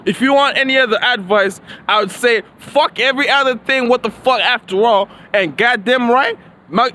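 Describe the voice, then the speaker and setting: Guy with a highish voice preaching and cussing outside, traffic humming faintly behind. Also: bright, forceful tone. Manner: profane, preachy, rambling with slang. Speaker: vlogger. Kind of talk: rambling freestyle monologue.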